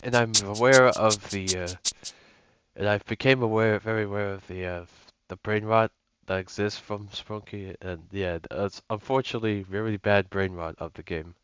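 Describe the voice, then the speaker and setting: A man's voice: lowish voice, steady tone, moderate pace, fairly bright tone, clear, resonant tone, no echo. A young man giving casual gameplay commentary as a gaming YouTuber, rambling with lots of fillers and restarts. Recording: lo-fi with music and mains hum.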